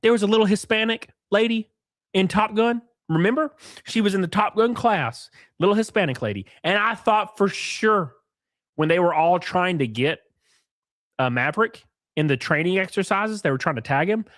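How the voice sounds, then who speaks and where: A man hosting a live stream, chatting casually and joking loudly with viewers while sick and sniffly. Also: high-pitched, animated, normal speed, dry recording, studio quality. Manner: rowdy, jokey, loud exclamations and laughs. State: sick and sniffly, stuffed nose.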